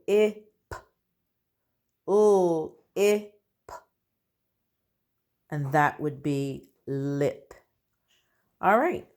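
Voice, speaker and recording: A woman teaching a phonics lesson to young children, patiently sounding out letters and words. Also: sits low. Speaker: kindergarten teacher.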